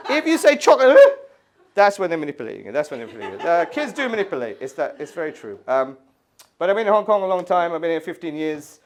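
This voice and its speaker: A man in his thirties from the UK doing an animated stand-up set in a gallery, acting out voices and screaming kids. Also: fairly high pitch, very fast. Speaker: stand-up comedian. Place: art gallery before a live audience. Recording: live room with audience laughter.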